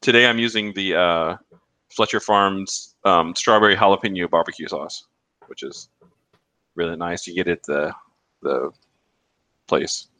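A man co-hosting a podcast, chatting in a relaxed, rambling way with hesitations. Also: low-pitched, measured pace, pauses often, dry recording. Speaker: podcast co-host. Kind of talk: casual chat.

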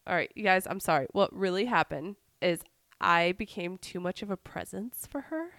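A woman co-hosting a podcast in casual chat, raspy from a cold, with joking asides. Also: on the low side, normal speed, fairly bright tone, no room sound. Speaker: podcast co-host.

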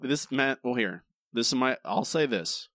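A man co-hosting a podcast, recapping an animated episode in casual, rambling chat full of restarts. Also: mid-range voice, measured pace, no echo, clean studio sound. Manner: animated, rambling with restarts, addresses co-host by name. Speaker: podcast co-host.

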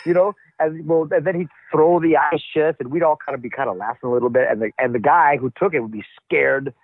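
Man, animated interview storyteller, husky and a touch high, lo-fi dry sound. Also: fast, no echo. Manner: animated storyteller, acts out quotes. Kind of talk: casual wrestling interview talk. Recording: dull, lo-fi dry audio.

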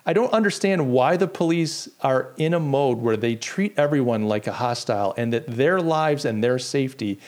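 A man's voice: mid-range voice, moderate pace, few pauses. A man hosting his own podcast, talking casually and reading out comments from a live chat. He tells stories with indignant energy and keeps restarting his sentences. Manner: animated, indignant storytelling with lots of restarts. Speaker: podcast host.

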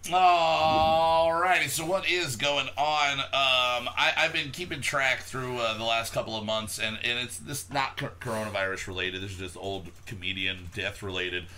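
A man's voice: fairly low pitch, fairly even intonation, normal speed, hardly any pauses, bright, forceful tone, a little hiss or hum. A man hosting a casual podcast, reviewing a beer and chatting loosely with friends, joking and swearing freely. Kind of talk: casual chat.

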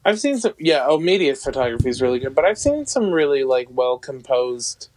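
A man's voice: mid-range voice, sing-song, brisk, a little mellow, a little hiss or hum. A man chatting casually, describing things at length with plenty of fillers in an easygoing way. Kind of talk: casual chat.

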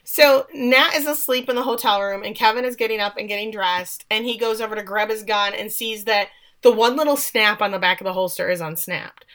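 A woman casually recapping a TV episode on a podcast, animated, acting out the characters' lines. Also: medium pitch, fairly quick. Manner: animated retelling with acted-out quotes and laughs. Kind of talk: casual chat.

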